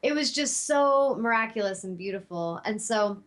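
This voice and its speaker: A woman's voice: mid-range voice, expressive, normal speed, fairly bright tone. Host, woman: heartfelt spiritual storyteller, mid-range voice, loose and rambling. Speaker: talk show host. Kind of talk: personal storytelling monologue.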